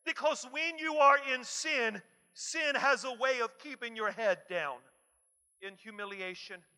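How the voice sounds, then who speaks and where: A man preaching a sermon emphatically, repeating key phrases and swinging from soft asides to shouts. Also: extremely high pitch, unhurried. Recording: long hall reverb.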